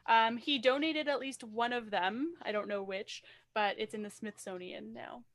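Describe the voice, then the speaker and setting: A woman's voice: on the high side, moderate pace, a bit bright. A young woman co-hosting a film podcast, making wry remarks and reading out trivia with plenty of ums. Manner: wry, reads trivia aloud with fillers. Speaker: podcast co-host.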